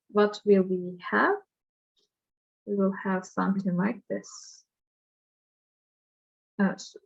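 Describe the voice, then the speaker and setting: A woman teaching a math lesson, working through an example step by step and thinking aloud with frequent pauses and fillers. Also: mid-range voice, creaky, a little mellow, muffled recording. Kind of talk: slow worked-example lesson.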